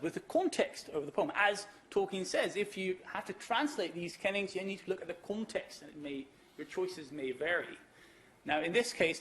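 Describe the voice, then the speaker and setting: A man's voice: sits high, a little hiss or hum. A man giving a keynote conference lecture, explaining patiently with fillers and rhetorical questions, and reading verse aloud with an emphatic rhythm. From Netherlands.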